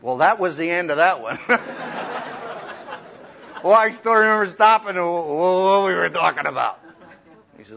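A man giving a humorous, lively talk to students on how to preach, acting out the voices he quotes. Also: sits high, moderate pace, vocal fry, long pauses. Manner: animated, humorous, acts out quoted voices loudly. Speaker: preacher teaching speaking skills. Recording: dull lo-fi recording.

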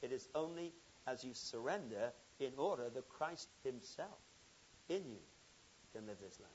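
A man preaching a sermon, telling a story with swings from loud emphasis to quiet intensity. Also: mid-range voice, lively intonation, normal speed, lo-fi sound, a little hiss or hum.

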